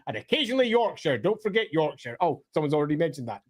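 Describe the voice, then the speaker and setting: Guy on a podcast, kinda high voice, really emphatic, voice jumps around. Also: quick pace, few pauses. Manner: emphatic, with lively swings in pitch. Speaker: co-host of a lore podcast. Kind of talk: casual discussion.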